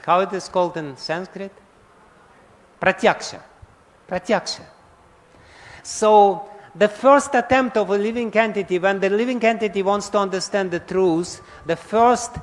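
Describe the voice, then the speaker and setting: Man lecturing in a reverberant hall. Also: sits high. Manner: asks audience questions and answers them, chuckles often. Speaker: spiritual lecturer. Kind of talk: scripture lecture. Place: large temple hall.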